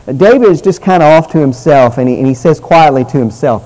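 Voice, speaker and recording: A man preaching a sermon in an earnest teaching tone. He slows down for emphasis and lets his phrase ends fall soft. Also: a little high, expressive, poor audio.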